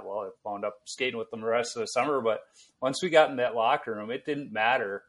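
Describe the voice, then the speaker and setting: A man's voice: medium pitch, fairly quick. A man from Chicago hosting a podcast, chatting and telling stories conversationally. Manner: conversational, relaxed storytelling. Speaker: podcast host. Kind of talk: casual interview chat.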